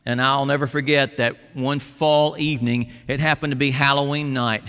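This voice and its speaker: A man preaching a sermon as a pastor, telling a story with quoted voices and dropping to soft, intimate tones. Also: medium pitch, smooth. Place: church sanctuary. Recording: long hall reverb.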